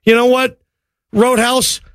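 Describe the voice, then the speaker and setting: A male sports radio host with a high voice who talks in an excitable, rambling way, full of restarts. His studio sound is dry and close, with no room in it. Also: slow pace, no room sound. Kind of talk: call-in radio talk show.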